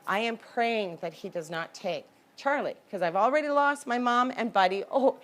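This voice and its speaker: A woman telling a personal story in a candid, conversational way, with sudden jumps in pitch and loudness. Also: moderate pace. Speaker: horse owner telling her story.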